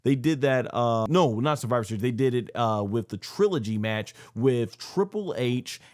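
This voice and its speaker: A man's voice: medium pitch, expressive, normal speed, a little mellow, no room sound, clean studio sound. A man giving a casual wrestling review, rambling, with many fillers and self-corrections.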